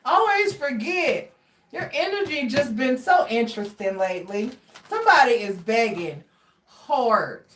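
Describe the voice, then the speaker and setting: A woman giving a casual tarot reading, chatty and expressive as she talks straight to her viewers. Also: a little high, measured pace, recorded from a distance, a little hiss or hum. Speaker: tarot card reader. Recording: roomy sound from away from the mic.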